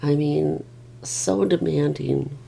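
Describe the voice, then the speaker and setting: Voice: mid-range voice, slow pace, vocal fry, dark tone, husky. A middle-aged family caregiver rambling wearily in a casual vlog, with many restarts.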